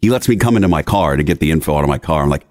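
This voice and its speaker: A man's voice: very deep voice, animated, very fast, darkish tone. A young man hosting a podcast, telling an exasperated, ranting story in casual chat. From Philadelphia area. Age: young adult. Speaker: podcast host.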